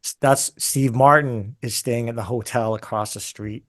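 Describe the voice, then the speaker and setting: A man, a guest musician, telling a long story in an interview in a casual, animated way with many fillers and asides. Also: mid-range voice, normal speed.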